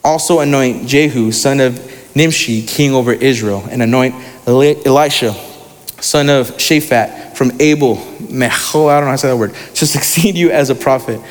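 A man's voice: medium pitch, normal speed, big-room sound. A young man preaching a sermon in a casual, slangy way, reading scripture aloud between asides.

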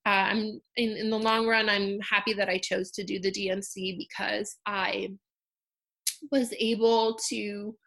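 A woman in her thirties telling a personal story in a candid, conversational way, with fillers and soft laughs. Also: mid-range voice, level tone, a little slow, creaky. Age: 30s. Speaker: storyteller sharing a personal loss.

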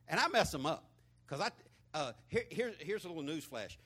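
A man's voice: sits high, wildly swooping pitch, a little fast, a bit bright, breathy edge. A man from Florida with a Southern twang, preaching a conversational sermon in a folksy, storytelling way full of repeated words. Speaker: pastor.

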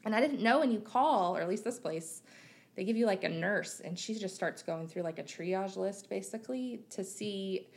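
Creaky-voiced woman from Missouri, candid. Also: medium pitch, moderate pace. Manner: open and reflective, with frequent fillers. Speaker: podcast guest. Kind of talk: candid conversational interview.

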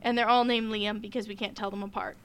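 A woman chatting casually, expressive and quick to laugh, swearing freely. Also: medium pitch. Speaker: podcast co-host, parent. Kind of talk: casual chat.

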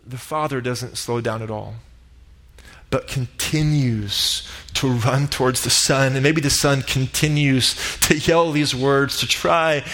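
A man delivering a sermon, retelling a parable with dramatic build-ups and loud quoted cries. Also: medium pitch, slow. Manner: dramatic retelling, rising to shouts in quoted lines. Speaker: pastor. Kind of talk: sermon storytelling. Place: church sanctuary.

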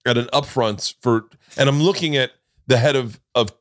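Podcast host, male, animated yarn-spinner with big vocal swings; dry, close sound. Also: normal speed, no room sound. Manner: animated, acts out quotes with big pitch jumps. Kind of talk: casual storytelling chat.

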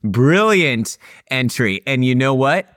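A man's voice: mid-range voice, expressive, slow, a bit bright, no room sound, clean studio sound. A man co-hosting a podcast, upbeat and chatty with plenty of fillers. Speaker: podcast co-host. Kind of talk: casual podcast chat.

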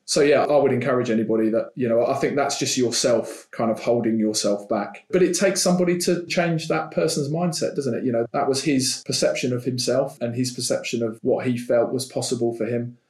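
A man's voice: medium pitch, fairly quick, few pauses, darkish tone. A middle-aged man with a London accent, a podcast guest who talks in loose, hedging, run-on sentences. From London, England. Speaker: guest, banking executive. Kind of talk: conversational podcast interview. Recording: echoey room.

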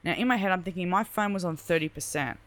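A woman's voice: lowish voice, fast, no room sound. Chatty young woman storyteller. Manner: animated, chatty, lots of "like", acts out quoted voices. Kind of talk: casual storytelling chat.

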